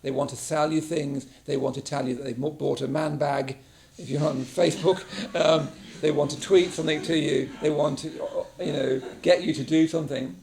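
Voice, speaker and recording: A man leads a mindfulness class in a relaxed, conversational talk, his voice a little higher than most and noticeably gravelly. He keeps checking in with the group as he goes, tossing in a quick "yeah?" to draw them along. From England. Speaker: meditation teacher. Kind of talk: casual teaching talk to a class. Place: meditation class room.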